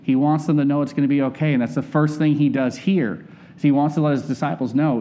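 A man's voice: on the high side, steady tone, fast talker, mellow, slight background noise. A man preaching a conversational sermon, candid and personal, often turning to ask his listeners questions.

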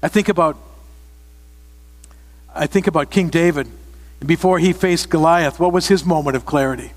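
A man delivers a sermon in a fairly high voice, earnest and direct. He often repeats his phrases for emphasis and puts questions to his listeners. His voice rings out with a long hall reverb behind it. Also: normal speed. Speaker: pastor.

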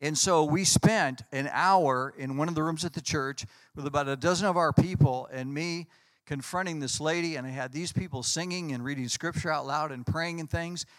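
A man, a pastor, telling lively anecdotes in conversation and acting out what people said. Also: a little high, normal speed, no room sound. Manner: animated anecdotes, acts out quotes. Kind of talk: storytelling in a conversation.

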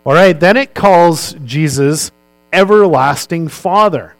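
A man's voice: on the high side, takes it slowly, no room sound, rough recording. A male pastor giving a sermon in a conversational way, posing rhetorical questions and answering them himself.

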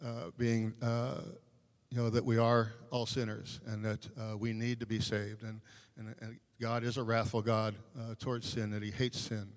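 A man's voice: on the low side, monotone, normal speed. A man speaking as a personal evangelist, telling a story in casual talk with many fillers and restarts. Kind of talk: casual testimony in a panel discussion. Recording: long hall reverb.

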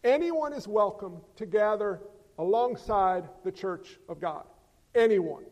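A man preaching a sermon as pastor, animated, swinging from loud exclamations to hushed emphasis. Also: sits high, unhurried, muffled recording. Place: church sanctuary. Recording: long hall reverb.

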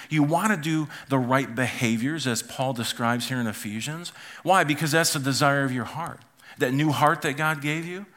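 A middle-aged pastor preaches to his congregation with a bright, forward voice at an ordinary pitch for a man. He tells homey stories and acts out the voices of his family along the way. The sound is that of a church service. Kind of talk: sermon.

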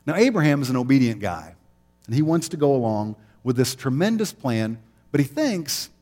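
A man's voice: mid-range voice, a little mellow, big-room sound. Conversational male preacher. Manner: conversational storytelling, laughs easily. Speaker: pastor. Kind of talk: sermon.

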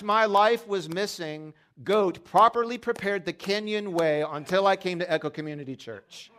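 High-voiced and a bit bright, this man talks at a moderate clip with hardly any pauses. He's a Pennsylvania pastor giving a conversational, humor-filled sermon in the sanctuary, asking his congregation questions and sharing stories.

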